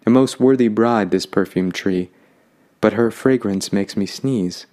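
A man's voice: lowish voice, measured pace, mellow, lightly acted. A man voicing a lonely, picky young man who turns things down in a sulky, dismissive way. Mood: wry.

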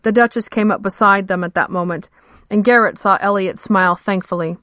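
A woman reads a fantasy story aloud in a measured, steady voice. Her pitch sits in the middle of the range. The recording is close and dry. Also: no echo. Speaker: narrator. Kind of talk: scripted fiction narration.

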